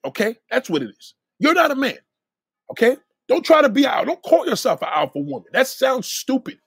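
A man hosting a livestream, ranting in a profane, blunt, lecturing way that swings between loud outbursts and low mutters. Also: big pitch swings, fairly quick, husky, dry recording, studio quality. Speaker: livestream host. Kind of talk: profane casual rant.

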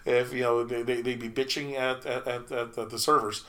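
A man's voice: medium pitch, level tone, normal speed, fairly bright tone. A middle-aged man telling work stories in casual chat, stumbling through restarts and repeated words and laughing often.

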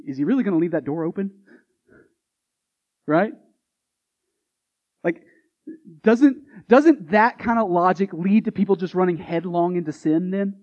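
A man's voice: sits high, a little slow, long pauses, darkish tone. A male Baptist pastor preaching a sermon in a conversational, emphatic style full of rhetorical questions, on a dull recording.

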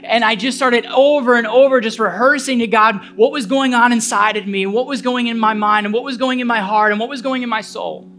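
A man's voice: extremely high pitch, steady tone, fairly quick, few pauses, fairly bright tone. A male pastor preaching a sermon, telling a personal story earnestly and building to fervent appeals.

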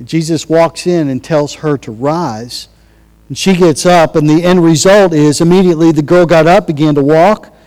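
A man's voice: on the high side, moderate pace, darkish tone, big-room sound, low-quality recording. A man preaching a sermon in a conversational way, acting out quotes as he goes. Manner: conversational, restarts and acted-out quotes. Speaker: pastor.

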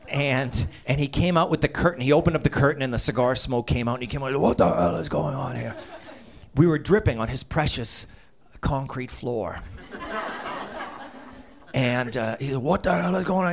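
A man in his fifties from Massachusetts telling a comic childhood story, laughing through his lines and acting out voices and sound effects. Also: medium pitch. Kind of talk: comedic personal storytelling.

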